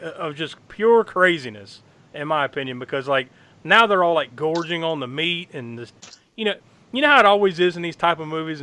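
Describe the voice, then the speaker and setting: A man with a bright, forceful voice pitched a little high chats loosely and excitably. He swears freely, laughs a lot and acts out little bits of dialogue. The sound is dry and close. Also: no room sound. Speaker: podcast co-host recapping a horror film. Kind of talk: casual chat.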